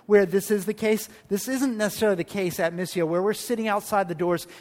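Pastor, male, high-pitched, lively sermon delivery with rhetorical questions and pauses. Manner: animated preaching with rhetorical questions and emphatic pauses.

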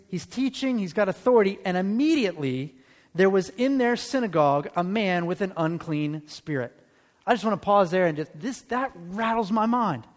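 A man preaching a sermon as pastor in a church, talking conversationally and checking in with the congregation through quick rhetorical questions. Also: high voice. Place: church sanctuary. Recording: long hall reverb.

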